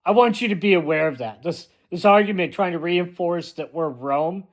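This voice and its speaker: A man's voice: high-pitched, animated, moderate pace, hardly any pauses. A man delivering a blunt, emphatic ranting monologue as a vlogger, often repeating himself for force.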